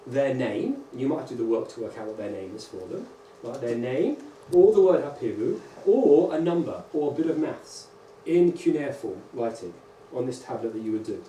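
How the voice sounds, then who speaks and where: A man's voice: medium pitch, normal speed, few pauses. Man lecturing in an echoey hall. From England. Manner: lively, checks in with frequent "right?" and "okay?". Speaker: rabbi teaching teachers. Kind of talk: conference lecture. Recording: echoey hall, distant mic, faint hum.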